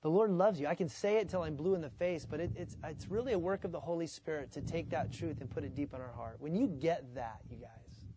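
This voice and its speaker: A man preaching a sermon as pastor, in a conversational, animated way, sometimes acting out the voices of the people he quotes. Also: a little high, brisk, a little hiss or hum.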